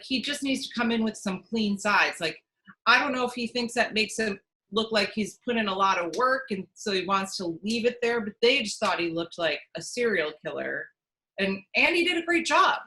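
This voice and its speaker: A woman's voice: medium pitch, bright, forceful tone, poor audio. A woman working as a casting director, answering interview questions in a chatty way with many restarts and fillers. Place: at home.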